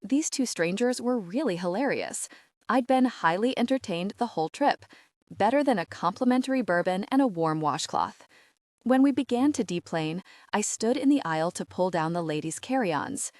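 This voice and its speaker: A woman's voice: medium pitch, lively intonation, normal speed, a little mellow, dry recording, studio quality. Woman narrating a romance audiobook.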